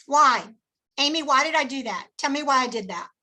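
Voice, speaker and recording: A woman's voice: sits high, animated, normal speed, bright, forceful tone. A woman sales trainer leading a live training session. She talks energetically, coaches her listeners and calls on them by name. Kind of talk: live training session with scripted role-play.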